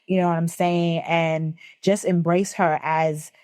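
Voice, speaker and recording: Emphatic profane woman co-host, low voice. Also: level tone, unhurried, darkish tone, dry recording, studio quality. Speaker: podcast co-host and DJ. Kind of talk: casual chat.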